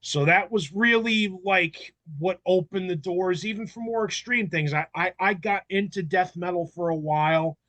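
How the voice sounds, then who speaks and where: A man in his forties on a panel, telling stories in a casual, animated way, acting out voices and swearing freely. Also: sits high, normal speed, hardly any pauses, dry recording. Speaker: panel member. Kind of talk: casual storytelling chat.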